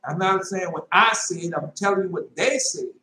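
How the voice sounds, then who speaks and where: A man preaching informally and telling a dream, emphatic, repeating his phrases and jumping into sudden high shouts. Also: normal speed. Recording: echoey room with faint noise.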